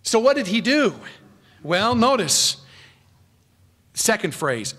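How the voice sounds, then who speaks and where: A man preaching an expository sermon as pastor, earnest, his voice rising in pitch and volume for emphasis and then dropping low and quiet, now and then correcting himself. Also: sing-song, a little slow, pauses often.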